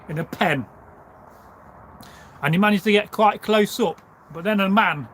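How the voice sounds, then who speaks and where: A man's voice: high-pitched, a bit bright, a little hiss or hum. A man telling a folk tale casually on a livestream, rambling with asides and fillers. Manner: rambling, full of asides and "you know" fillers. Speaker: storyteller. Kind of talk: casual spoken storytelling on a livestream.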